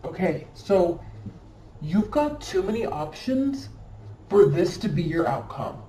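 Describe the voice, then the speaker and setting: A woman's voice: fairly low pitch, very animated, takes it slowly, warm tone. Emphatic woman reading tarot in an echoey room. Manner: emphatic and scolding, repeats phrases for stress. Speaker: tarot reader. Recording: echoey room, mic at a distance, faint background noise.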